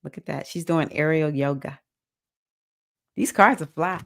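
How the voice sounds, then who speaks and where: Low, unhurried and gravelly, this Southern-accented woman's voice leads a casual live-stream session where she acts as a spiritual teacher. She reads out comments from viewers and cheers them on in a warm, supportive way.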